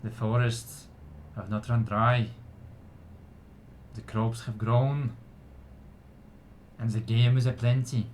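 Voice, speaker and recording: A man voicing a village elder who gives a measured ceremonial blessing at a gathering. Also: medium pitch, little pitch movement, darkish tone, slight background noise, close to an everyday voice. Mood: solemn. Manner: slow, measured ceremonial speech.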